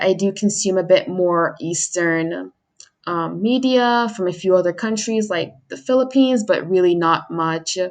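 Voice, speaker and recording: A young woman streamer chatting on her own in a casual, rambling way, drifting onto tangents with small laughs. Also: fairly low pitch. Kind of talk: casual solo chat.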